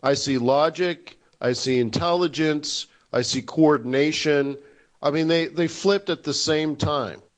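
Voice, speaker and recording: Running a live webinar on forex trading, this man in his forties speaks at a measured pace with a slightly high voice. He jokes around and chuckles at his own humor.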